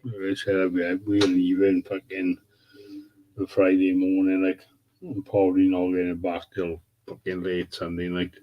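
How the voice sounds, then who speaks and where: A man's voice: low-pitched, completely flat delivery, normal speed, highs cut off. A man hosting a casual livestream, chatting laid-back with viewers, swearing freely and calling them mate and bud. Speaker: livestream host. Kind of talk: casual live chat with viewers.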